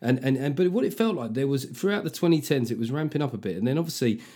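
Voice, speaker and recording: A man's voice: medium pitch, expressive, quick pace, warm tone. A man hosting a podcast, laying out long points and questions with many restarts. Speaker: podcast host. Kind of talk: conversational podcast interview.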